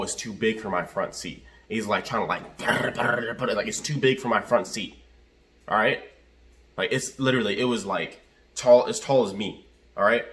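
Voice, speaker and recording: Rambling lower-voiced man in his car. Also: a bit bright. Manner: rambling, repeats himself, lots of fillers. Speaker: rideshare driver and vlogger. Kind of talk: casual storytelling to camera.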